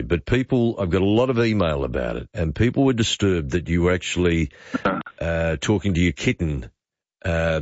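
Low-voiced Australian radio host, dry. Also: male voice, no room sound. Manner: chatty, wry, reads out listener messages. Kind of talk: late-night talk radio chat. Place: radio studio. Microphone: studio microphone. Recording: slightly dull broadcast audio.

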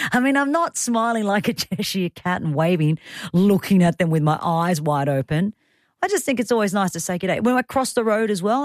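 A woman's voice: medium pitch, no echo, clean studio sound. A woman in her thirties with an Australian accent, hosting talkback radio in a chatty way with self-deprecating asides. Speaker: radio host.

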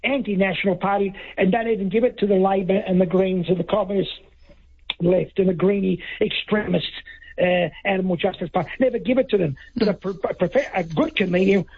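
Australian male caller, high-pitched husky voice, blunt rambling talk, dull lo-fi line. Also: steady tone, a little fast. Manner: rambling, blunt, emphatic, repeats himself. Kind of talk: talkback radio call. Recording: dull lo-fi call-in audio.

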